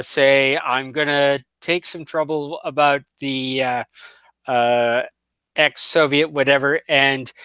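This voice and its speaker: Man, slow and halting, bright clear voice, dry sound, thinking aloud. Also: on the high side, no echo. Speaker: player. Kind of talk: tabletop game chat.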